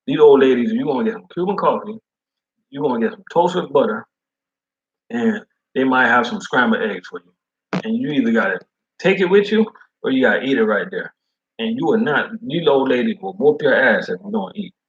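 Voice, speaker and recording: A man who is a food service delivery driver, chatting casually in slangy, animated talk. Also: medium pitch, fairly quick, highs cut off. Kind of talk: casual chat.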